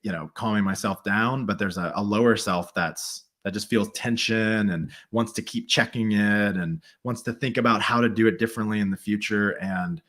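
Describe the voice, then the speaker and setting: A man guests on a casual podcast with a fairly low voice. He talks reflectively, hedging and pausing as he works through his thoughts. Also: fairly bright tone. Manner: reflective, halting, with hedges. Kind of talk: casual chat.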